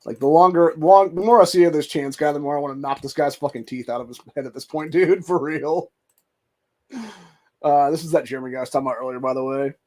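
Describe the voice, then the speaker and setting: A man's voice: fairly high pitch, fast, dark tone. A man hosting a political commentary show, reacting to clips with a profane, contemptuous rant. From United States. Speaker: host.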